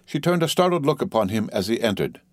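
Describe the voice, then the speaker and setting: A man narrating a novel as a steady, dramatic audiobook reading, lightly voicing the dialogue. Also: mid-range voice, fast, dry recording, clean studio sound.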